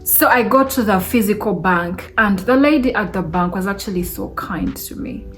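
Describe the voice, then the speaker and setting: A woman recounts a personal story straight to camera in a relaxed, chatty vlog style. She speaks at a middle pitch and keeps the telling lively, laughing between remarks. Soft music plays faintly underneath. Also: normal speed. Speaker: vlogger. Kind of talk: casual storytelling.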